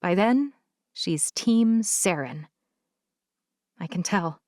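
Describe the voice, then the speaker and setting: A woman's voice: fairly low pitch, lively intonation, slow pace, darkish tone, dry recording. Woman audiobook narrator, first-person romance, intimate emotional delivery, close mic, dry sound.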